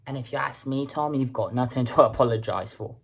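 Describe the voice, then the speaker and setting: Brief: very low husky woman, reaction host, halting thinking-aloud delivery. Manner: halting, repeats words while thinking aloud. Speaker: music reaction video host. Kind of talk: casual reaction commentary.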